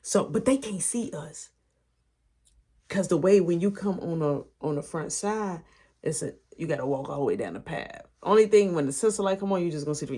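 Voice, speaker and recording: A woman with a husky voice tells a story in casual slang, full of sound effects. Her pitch leaps around a great deal as she acts things out. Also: dark tone. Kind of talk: animated storytime.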